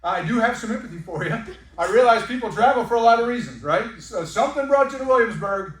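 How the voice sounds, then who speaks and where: A man giving a folksy, joking sales pitch to a room of guests. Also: expressive, fast, a bit bright. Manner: folksy, joking, uses y'all. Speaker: timeshare sales presenter. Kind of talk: sales pitch to a live audience. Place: presentation room. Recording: echoey room, mic at a distance.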